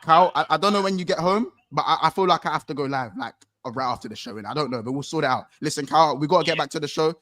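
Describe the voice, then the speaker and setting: A man hosting a casual football chat, excitable, swearing and repeating himself. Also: on the high side, quick pace, hardly any pauses, no echo. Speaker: football podcast host.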